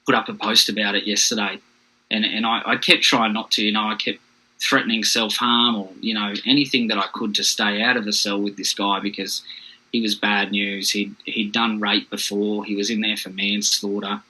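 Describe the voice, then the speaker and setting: Frank Australian man with a husky edge. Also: on the low side, level tone, bright, forceful tone, low-quality recording. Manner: frank, plain-spoken, halting at hard moments. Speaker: podcast guest. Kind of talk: candid personal storytelling.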